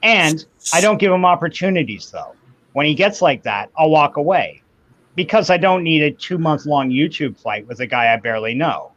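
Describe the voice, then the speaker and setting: A man chatting casually on an online show, giving opinions in slow, drawn-out phrases and acting out the voices he quotes. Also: a little high, big pitch swings, a bit bright. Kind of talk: casual chat. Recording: dull lo-fi audio.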